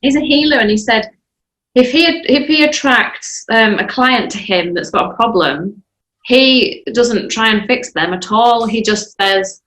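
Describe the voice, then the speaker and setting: A woman's voice: fairly high pitch, a little slow, a bit bright. Chatty English woman, roomy echo. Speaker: self-love coach, guest. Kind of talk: casual conversational chat.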